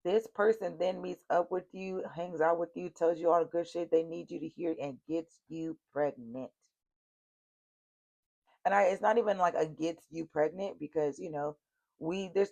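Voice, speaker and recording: A woman's voice: lowish voice, normal speed, creaky, darkish tone. A woman giving a casual tarot reading, speaking bluntly and straight to her viewers, cursing freely and repeating her warnings. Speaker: tarot reader.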